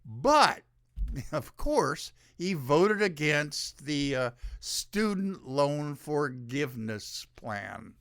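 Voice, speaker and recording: A man's voice: fairly high pitch, very animated, drawn-out words, fairly bright tone, no room sound, clean studio sound. A man hosting his own show, giving rambling, sarcastic solo commentary. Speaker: show host.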